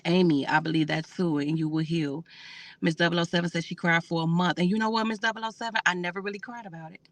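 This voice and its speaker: A woman's voice: on the low side, fairly even intonation, fast, no echo. Woman casually reading viewer comments. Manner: reads out comments and answers them warmly, with fillers. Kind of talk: casual emotional livestream chat.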